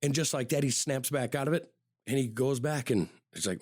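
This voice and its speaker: A man's voice: mid-range voice, brisk, a little mellow, no room sound, clean studio sound. A man hosting a podcast, telling a true-crime story in a loose, conversational way, often repeating words and saying "you know". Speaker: podcast host.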